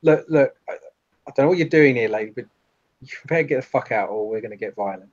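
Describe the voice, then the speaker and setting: A man's voice: mid-range voice, fast, highs cut off, natural voice. A man playing a threatening street thug. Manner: blunt, threatening.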